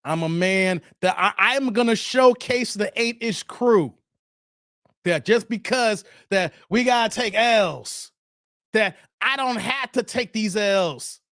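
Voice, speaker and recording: High-voiced man joking with live chat. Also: takes it slowly, a bit bright, no room sound, clean studio sound. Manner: joking, reacts to viewer comments. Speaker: host. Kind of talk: livestream chat reading.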